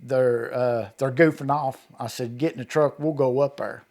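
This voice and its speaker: A man's voice: mid-range voice, fairly even intonation, moderate pace, darkish tone. A middle-aged man, telling a story in a folksy, rural way and acting out what people said. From Kentucky. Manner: folksy rural storyteller, acts out quoted dialogue. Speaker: eyewitness guest. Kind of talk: storytelling interview.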